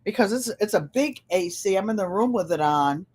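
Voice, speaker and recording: The speaker is a chatty storyteller in her seventies, a channel host with a Connecticut accent, live-streaming from a home room that has a large air conditioner. Through her computer mic comes a medium-pitched, darkish, slightly rough voice with lively intonation and a brisk pace, and she calls her audience "you guys."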